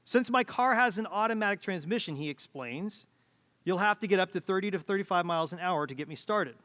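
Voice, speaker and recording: A man's voice: high-pitched, lively intonation, brisk, a bit bright. A middle-aged man preaching a conversational sermon as pastor, acting out quoted voices, recorded in a church auditorium. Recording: church hall reverb.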